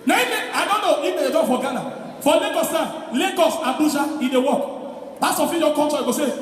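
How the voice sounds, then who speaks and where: Nigerian woman doing loud stand-up. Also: high-pitched, normal speed, long pauses. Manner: animated, shouting punchlines between bursts of laughter. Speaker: stand-up comedian. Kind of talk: live stand-up comedy. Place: large live venue. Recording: echoey hall, distant mic, live crowd. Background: audience noise.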